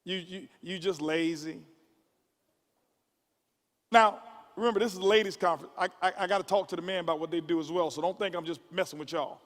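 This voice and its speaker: High-voiced man preaching in a hall. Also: fairly even intonation, racing, fairly bright tone. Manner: repeats words in stumbling restarts, preacher-like build-ups. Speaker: motivational speaker. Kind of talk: motivational speech to a conference audience. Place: large conference hall. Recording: long hall reverb from a live event.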